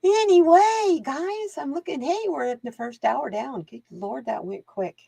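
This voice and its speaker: A woman's voice: sits high, animated, a little slow, creaky, warm tone, no echo. A woman hosting live card readings, chatting casually to viewers and laughing often as she wanders off into stories. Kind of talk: casual livestream chat.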